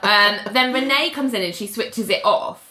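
A woman co-hosting a podcast, recapping a TV episode in casual chat, animated and laughing often as she acts out characters' lines. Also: mid-range voice, moderate pace, echoey room.

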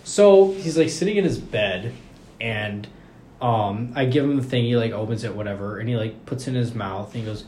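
A man's voice: medium pitch, moderate pace. Young guy hyping up a funny story, lots of "like", cursing, voice in the middle range, echoey room w/ a bit of hiss. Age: young adult. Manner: animated, filler-heavy, swearing, acts out quoted voices. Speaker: podcast co-host. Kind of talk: casual storytelling chat. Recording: echoey room with faint noise.

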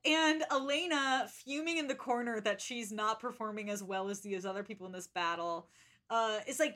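Chatty young woman, bright voice. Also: a little high, normal speed. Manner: chatty, lots of "like" and "um", blunt jokes. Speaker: book podcast co-host. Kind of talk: casual chat recapping a book.

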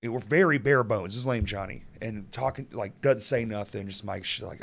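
A man's voice: fairly low pitch, fairly even intonation, brisk, vocal fry, hardly any pauses. Blunt, swearing male podcast host. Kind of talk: casual chat.

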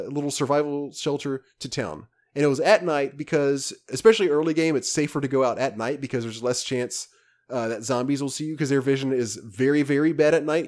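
A man with a slightly higher voice chats casually as a podcast co-host. He tells his game story in a rambling, animated way, restarting his sentences often. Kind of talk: casual chat about video games.

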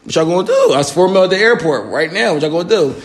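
A man's voice: high-pitched, animated, rapid-fire. A young man asking friends a question in casual banter, leading the talk and saying "bro" often. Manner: leads the talk, repeats "bro". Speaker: question asker. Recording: echoey room with faint noise.

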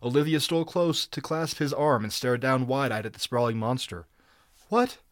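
A man's voice: medium pitch, fairly quick, no echo, clean studio sound. A man co-hosting a podcast, reading a story aloud plainly and joking in loose, profane banter. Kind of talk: read-aloud narration with casual chat.

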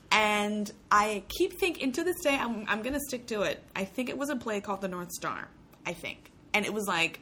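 A woman's voice: on the high side, pushed and bright, a little hiss or hum. A young woman from Puerto Rico, a guest in a casual interview, telling stories chattily with frequent laughs and restarts. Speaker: guest, actor.

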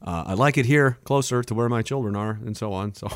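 A middle-aged man hosts a casual livestream from a home studio, rambling and joking while reading out chat messages. Using a boom-arm studio mic, his medium-pitched voice at a moderate pace comes through at studio quality with no room sound.

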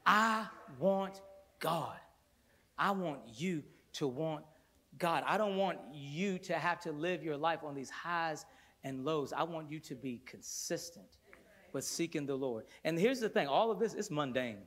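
Brief: male worship pastor, high-pitched voice, fervent sermon in a church with loud peaks and quiet intense passages. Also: moderate pace. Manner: fervent preaching with sudden loud bursts and hushed stretches; playful storytelling asides with laughter. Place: church sanctuary before a congregation.

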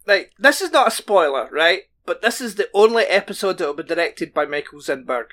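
A man's voice: high voice, big pitch swings, fairly quick, sharp tone. A man co-hosting a casual podcast, bantering dryly and laughing often. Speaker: podcast co-host.

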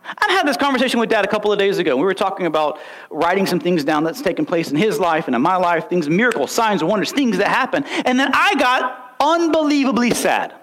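High-voiced man preaching with fervor. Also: expressive, fairly quick, fairly bright tone. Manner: emphatic, storytelling, rhetorical questions. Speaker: pastor. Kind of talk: sermon.

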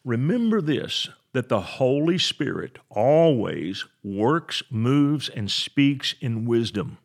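A man teaching the Bible on his podcast in a preaching style, slowing down to stress key words. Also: mid-range voice, very animated, creaky. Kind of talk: preaching sermon.

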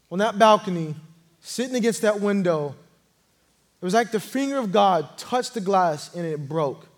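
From the pulpit, an earnest young man preaches a sermon recounting his own testimony. His voice is high for a man, and he tells the story plainly, swelling louder at the key turning points.

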